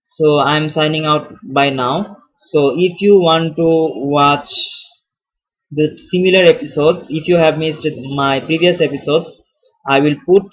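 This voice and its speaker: Non-native male tutor, casual video lesson, repeats and corrects himself, muffled lo-fi sound. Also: a little high. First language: not English. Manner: repeats and restarts phrases, thinking aloud. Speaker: chemistry tutor. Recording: dull lo-fi recording.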